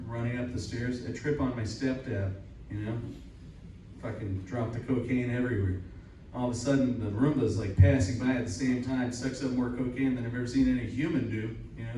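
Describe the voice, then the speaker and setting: A man's voice: mid-range voice, mellow. A young man doing a stand-up comedy set at a live show, rambling, crude and self-deprecating. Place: upstairs room of a cider house at a live show. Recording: very echoey room, voice from far off, faint room noise.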